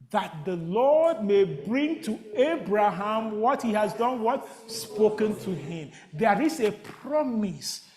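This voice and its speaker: A man preaching a sermon in a church, asking the congregation call-and-response questions and rising to near shouts. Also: sits high. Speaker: pastor. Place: church sanctuary.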